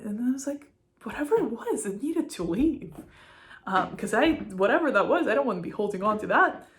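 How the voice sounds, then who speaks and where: A young woman speaking an unscripted, heartfelt spiritual monologue to her viewers, rambling and full of "like" fillers. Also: mid-range voice. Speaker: spiritual vlogger.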